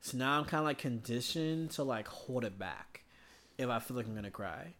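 A man's voice: medium pitch, expressive, moderate pace, a bit bright. Earnest, reflective young man. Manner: earnest, reflective, filler-heavy. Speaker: podcast co-host. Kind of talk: casual chat.

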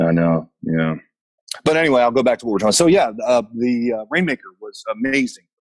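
A man's voice: medium pitch, expressive, brisk. A middle-aged man from Memphis, telling stories as a guest in a loose, rambling way with lots of fillers. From Memphis, Tennessee. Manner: rambling, laid-back, many fillers and restarts. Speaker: actor guest. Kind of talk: casual storytelling interview. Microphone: remote call from a basement.

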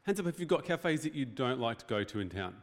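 A man's voice: mid-range voice, big pitch swings, fast talker. A man preaching a sermon as pastor, in a conversational, joking way with rhetorical questions. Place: church hall.

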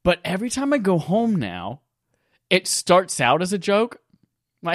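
A man's voice: sits high, measured pace, no room sound, clean studio sound. A man from North Carolina co-hosting a gaming podcast, joking and swearing as he tells stories. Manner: joking, profane, animated storytelling. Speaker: podcast co-host. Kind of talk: casual gaming podcast chat.

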